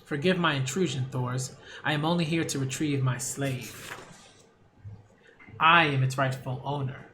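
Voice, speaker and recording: A man voicing a cold, arrogant older slave owner, slow and haughty, in a comic book read-aloud. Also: mid-range voice, fairly even intonation, sharp tone, a little hiss or hum.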